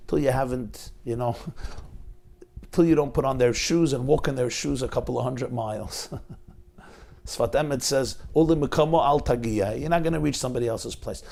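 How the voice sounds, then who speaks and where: A middle-aged rabbi delivers a sermon as a heartfelt story, his voice carrying a gravelly edge. He acts out the dialogue, climbing to dramatic peaks and dropping to quiet lows, at a pitch typical for a man. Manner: dramatic, retells dialogue with rising intensity. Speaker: rabbi lecturer.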